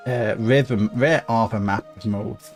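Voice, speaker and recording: A man's voice: medium pitch, measured pace, faint music behind. A man giving casual let's-play commentary on a strategy game, thinking aloud with fillers and restarts. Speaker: gaming YouTuber.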